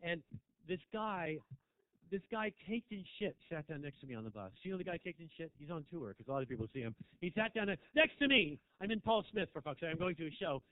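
A male stand-up comedian in a small club, sardonic and profane, breaking into shrill outbursts. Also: sing-song, fast talker, no room sound. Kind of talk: stand-up set. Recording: tinny, dry lo-fi recording.

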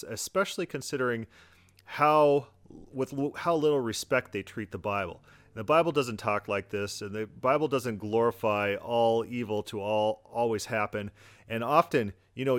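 A man hosting a podcast, talking fast in a sarcastic, mocking commentary style. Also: medium pitch, dry recording, clean studio sound. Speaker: podcast host. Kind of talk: argumentative commentary.

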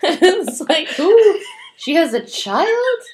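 A woman's voice: very high voice, sing-song, slow pace. A young woman co-hosting, reacting to a story with jokes and exclamations. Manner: reactive, joking. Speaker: podcast co-host. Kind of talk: casual chat.

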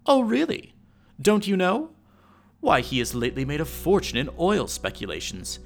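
A man's voice: medium pitch, very animated, brisk, faint music behind, close to an everyday voice. A man voicing a gossipy young widow hostess with feigned surprise. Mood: arch.

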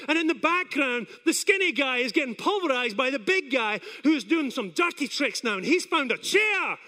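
A male preacher giving a sermon, telling stories in an animated way and acting out scenes. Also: very high-pitched, normal speed, few pauses. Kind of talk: sermon with storytelling.

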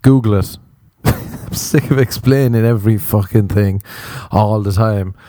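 A man's voice: lowish voice, a little slow, dark tone, no room sound. A young Irish man hosting a podcast, ranting in a profane, exasperated, sarcastic comic monologue. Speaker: podcast host. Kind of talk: comedic solo podcast rant.

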